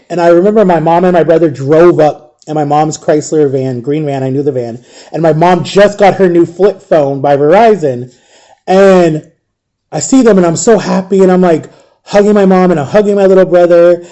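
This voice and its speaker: A man in his thirties from Ohio, telling a personal story in a casual, rambling way and dropping to a near hush at the emotional moments. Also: a little high. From Ohio, USA. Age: 30s. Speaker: vlogger.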